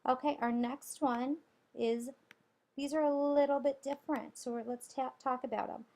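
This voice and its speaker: A woman's voice: high voice, steady tone, moderate pace, mellow. A woman teacher guiding children through a spelling lesson, patiently sounding out letters and syllables.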